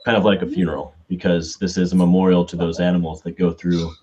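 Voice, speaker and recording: A man with a very low baritone voice talks in a measured, calm way during a casual group meeting. His voice comes through a muffled, lo-fi video call line. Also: a little hiss or hum. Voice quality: deep baritone. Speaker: group member.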